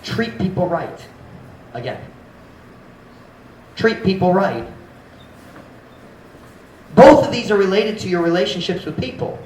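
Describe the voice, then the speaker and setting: A man who is a pastor, preaching an animated sermon that mixes English and Cebuano and acts out harsh tones of voice. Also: sits high, measured pace, pauses often, reverberant, slight background noise, rough recording. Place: church sanctuary.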